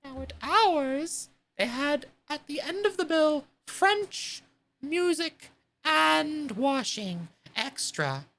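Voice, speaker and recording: A melancholy old male Mock Turtle from a storybook, voiced by a woman in a high, slow, drawn-out voice full of sighing. The pitch swoops widely, with a gravelly edge. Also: lively intonation, fairly bright tone, exaggerated voice. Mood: mournful.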